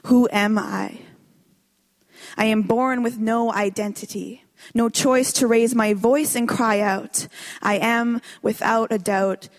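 A woman performing a spoken word poem with a slow, dramatic and intense delivery. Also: medium pitch. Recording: long hall reverb.

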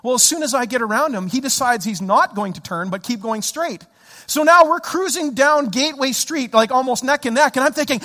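A man preaching a sermon, telling a story with lively animation and acting out his own frustrated shouts. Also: extremely high pitch, normal speed. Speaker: pastor. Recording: church hall reverb.

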